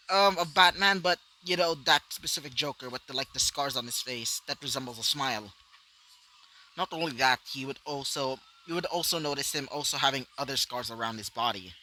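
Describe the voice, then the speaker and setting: A man's voice: mid-range voice, pushed and bright, low-quality recording. A man narrating his own fan story off the cuff, rambling with many fillers. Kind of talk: improvised fanfiction storytelling.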